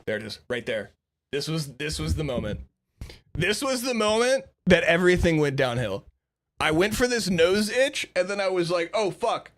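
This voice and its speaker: A man's voice: on the high side, big pitch swings, normal speed, a bit bright. A man live-streaming a game who shrieks and laughs at his own blunders, swears freely and mocks himself while explaining what went wrong, into a streaming mic. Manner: self-mocking, explains himself at length. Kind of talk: live gaming stream commentary. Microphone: streaming mic with compressor.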